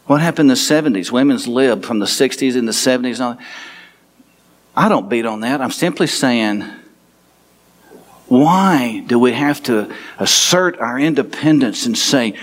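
A man preaching a sermon as pastor, animated, laughing and making quick asides to the congregation. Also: mid-range voice.

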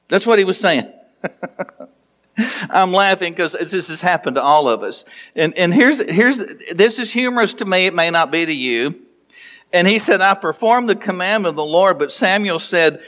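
A man's voice: lively intonation, moderate pace, fairly bright tone. A man preaching a sermon, retelling a story with playful asides and acting out the dialogue. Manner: storytelling, playful, acts out dialogue with rising pitch. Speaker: pastor.

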